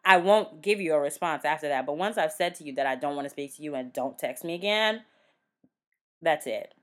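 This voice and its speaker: A woman's voice: low voice, brisk. Laughing Southern woman podcast host. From American South. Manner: laughs often, animated, drifts into voiced asides. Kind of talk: casual chat.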